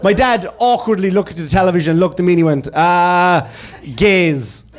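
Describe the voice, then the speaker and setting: A man in his thirties from Ireland with an Irish accent, telling jokes in a deadpan stand-up comedy set on a club stage. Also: sits high, rapid-fire. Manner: deadpan storytelling with punchlines. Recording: live club recording with crowd noise. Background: audience laughter and room noise.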